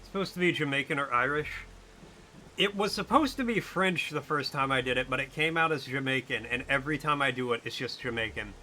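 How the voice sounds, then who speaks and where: A man's voice: mid-range voice, brisk, sharp tone, slight background noise. A man streaming a video game, chatting casually and playfully trying out silly accents.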